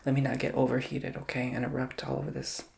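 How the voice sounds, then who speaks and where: A man with a gravelly, fry-laden voice gives an ASMR tarot reading. His delivery is chatty and theatrical, yet his pitch stays level, and he often sinks into hushed whispers. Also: completely flat delivery, fast talker.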